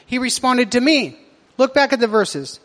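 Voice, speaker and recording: A male pastor with a very high voice delivers a sermon. He keeps putting questions to his congregation, and his words ring out through a church hall with a long reverb. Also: animated, normal speed, fairly bright tone. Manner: asks the congregation rhetorical questions.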